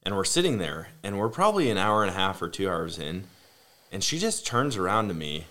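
Podcast host, male, slightly low voice, rambling chatty storyteller. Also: brisk. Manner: rambling, animated anecdotes. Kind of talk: casual storytelling chat. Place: home room with family.

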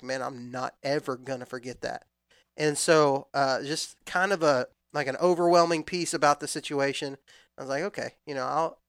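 A man in his thirties telling a long hunting story in a relaxed, rambling way with frequent restarts. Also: medium pitch, no room sound, studio quality. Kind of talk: casual storytelling chat.

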